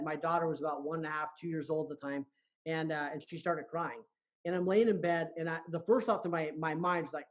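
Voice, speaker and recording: A man's voice: a little high, lo-fi sound. A man speaking as a motivational coach and guest on a podcast, earnest, often repeating words as he starts a sentence. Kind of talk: motivational talk.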